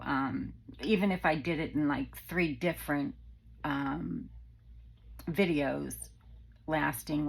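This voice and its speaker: A middle-aged woman with a drawl talks casually to her viewers, rambling along with plenty of ums. Her voice sits low and carries a gravelly, husky edge. She takes her time, speaking at an unhurried pace. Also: rough recording. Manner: chatty, rambling with many ums, warm toward viewers. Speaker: craft channel host.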